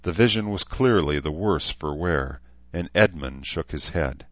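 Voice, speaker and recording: A man giving steady, measured scripted audiobook narration. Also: rumbling low, no echo. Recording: slightly dull recording.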